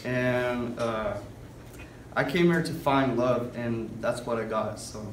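A man from Washington state giving a short, hesitant, quiet testimony. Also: medium pitch, fairly even intonation, slow pace, a little hiss or hum. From Washington state, United States. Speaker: retreat participant giving testimony. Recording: echoey room, far from the mic.

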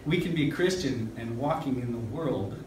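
A man from Canada giving a halting, emotional personal testimony, choking up with many pauses. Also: mid-range voice, animated, darkish tone. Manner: halting, pausing with "um", choked up. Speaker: retreat participant giving testimony. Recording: echoey room, far from the mic, noisy.

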